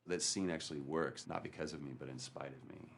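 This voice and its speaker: Very deep-voiced man telling a story. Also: steady tone, brisk, gravelly, a little hiss or hum. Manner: candid, storytelling, self-mocking. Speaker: actor recalling a shoot. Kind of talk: documentary interview.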